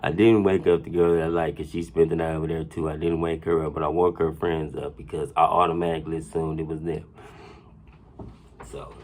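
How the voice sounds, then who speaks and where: A man telling a profane personal story in casual podcast talk, animated and laughing often, checking in with his listeners again and again. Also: rumbling low, fairly quick. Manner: animated, laughing often, keeps saying "you know what I'm saying".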